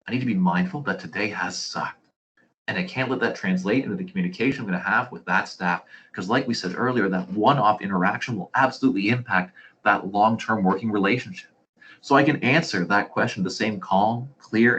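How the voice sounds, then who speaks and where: A man's voice: fairly low pitch, fairly bright tone, muffled recording. A man leading a staff training session, explaining with anecdotes and rhetorical questions in an earnest manner. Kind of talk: presenting a staff training talk.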